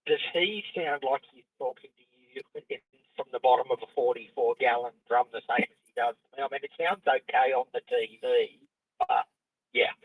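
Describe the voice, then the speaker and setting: Man, stream co-host, calm questions, raspy, dry close sound. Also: mid-range voice, normal speed, no room sound, phone-quality sound. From Australia. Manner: calm, asks technical questions. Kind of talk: casual live-stream chat.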